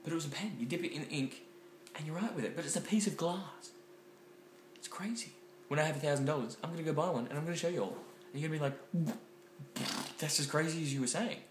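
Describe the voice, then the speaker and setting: A young man, chatting excitedly and rambling in a home vlog, full of ums and likes. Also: on the high side, quick pace. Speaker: vlogger. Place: home kitchen. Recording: echoey room with faint background noise.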